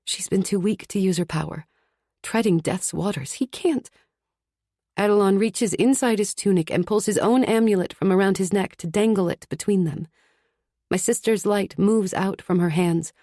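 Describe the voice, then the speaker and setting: A woman's voice: medium pitch, moderate pace, mellow, dry recording, clean studio sound. A woman narrating a fantasy audiobook in the first person, tense and urgent. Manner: tense, urgent inner monologue.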